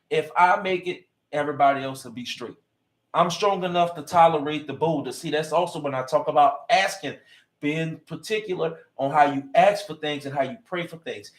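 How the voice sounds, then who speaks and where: A man's voice: high-pitched, reverberant. A man hosting a radio comedy show, talking in a motivational, preachy and playful way. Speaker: radio host.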